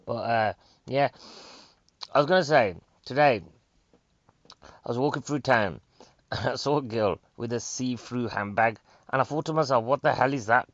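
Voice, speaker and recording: A male comedian with a Northern English accent, talking in a chatty, excitable ramble that keeps drifting to new subjects. His voice sits at an ordinary pitch. The recording is dry and a little dull. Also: measured pace, pauses often, dry recording. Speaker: stand-up comedian. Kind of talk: rambling stand-up monologue. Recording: dry, slightly dull sound.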